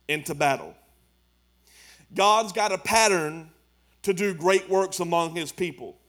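A man preaches a sermon, his voice sitting high for a man. He talks in plain, colloquial phrases and builds his points with emphatic repetition. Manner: preaching with rising emphasis and Southern colloquial speech. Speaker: pastor.

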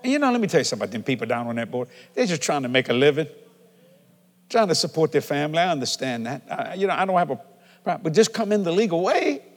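In a large, echoing church hall with a long reverb tail, a middle-aged male preacher with a fairly high voice gives a folksy sermon. He talks fast and very animatedly, shifting from easygoing asides to loud, shouted declarations.

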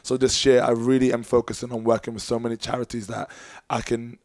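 Brief: male podcast guest, mid-pitched, earnest and rambling, very dry close-miked sound. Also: flat delivery, fast talker, darkish tone, no room sound. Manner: earnest, rambling with many fillers and restarts. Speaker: professional dancer and choreographer, guest. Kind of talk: casual podcast chat.

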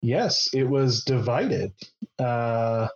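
A man voicing a calm woman guild master. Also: mid-range voice, extremely slow, lo-fi sound. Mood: measured.

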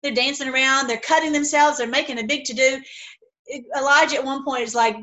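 A woman talks to her online audience in a casual storytelling way, with a slightly high-pitched voice. She leans hard on key words and often breaks off and restarts her sentences. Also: fast. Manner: animated, emphatic retelling with frequent restarts. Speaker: online video host.

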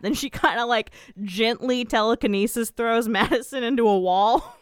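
A woman co-hosting a casual recap podcast, chatty and quick to laugh, swearing casually. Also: medium pitch, fairly even intonation, smooth, no room sound, clean studio sound. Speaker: podcast co-host.

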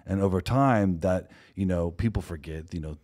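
Man, low voice, mellow dark tone, animated storyteller, security company owner. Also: normal speed. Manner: animated storyteller acting out quoted dialogue. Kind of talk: conversational storytelling.

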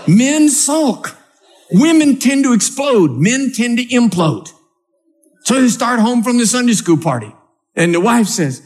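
A man's voice: very high voice, a little slow. A male preacher giving a humorous sermon to a live church audience, reading scripture and acting out scenes. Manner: animated storytelling, acts out scenes.

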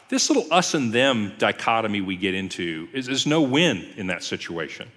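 A man's voice: medium pitch, moderate pace, hardly any pauses. A man preaching a conversational sermon as pastor, who briefly acts out the people he quotes. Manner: lively, acts out quoted voices. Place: church sanctuary. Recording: long church hall reverb.

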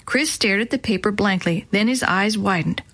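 A woman narrates a children's chapter book. Her reading is clear, steady and measured. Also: medium pitch. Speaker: audiobook narrator.

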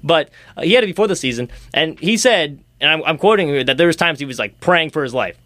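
A man's voice: fairly high pitch, lively intonation, fast talker, sharp tone, no echo. A young man hosting a casual sports talk show, rambling and ranting with sarcastic jabs. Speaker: sports podcast host.

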